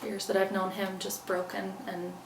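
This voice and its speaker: Speaking at a normal speed in a mid-range, monotone voice, a woman tells a personal story as an interview guest, earnestly acting out what she said back then. The recording sounds roomy, with a distant mic and faint background noise.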